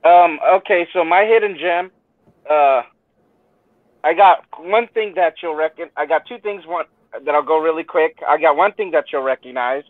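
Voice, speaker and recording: A man from the San Francisco Bay Area chats in a relaxed, casual way as a podcast co-host. His voice is a bit high and comes through a tinny, phone-like line. The sound is dry. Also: normal speed, no echo. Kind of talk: casual chat.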